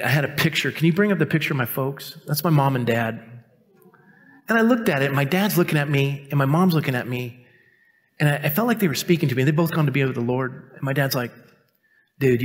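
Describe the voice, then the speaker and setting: A male pastor in his fifties preaching a sermon in a conversational, self-mocking way, telling a personal story and acting out the people in it. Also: medium pitch. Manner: conversational, self-mocking, acts out quoted voices. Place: church sanctuary.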